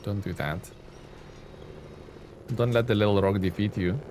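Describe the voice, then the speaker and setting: A young man with a fairly low voice chats loosely with his viewers while he plays, drifting from topic to topic. Faint driving-game sounds sit under his voice. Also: unhurried, darkish tone, a little hiss or hum. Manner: rambling, talks to chat while playing. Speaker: streamer. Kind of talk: casual gameplay commentary.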